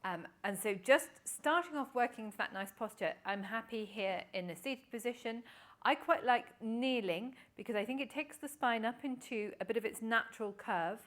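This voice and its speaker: A woman Pilates instructor leading an exercise class with calm, encouraging cues and counting. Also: a little high, normal speed.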